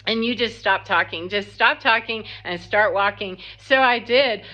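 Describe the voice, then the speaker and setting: A woman telling a story in a casual, blunt, animated monologue that acts out what people said. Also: mid-range voice, measured pace. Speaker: spiritual vlogger. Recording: slightly dull lo-fi sound.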